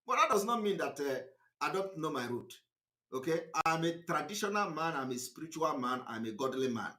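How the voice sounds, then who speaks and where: A man with a Nigerian accent speaks on a live online broadcast in a high, bright voice that swings widely in pitch. He is emphatic and defiant, hammering points home through repetition. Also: very animated, a little fast. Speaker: activist broadcaster.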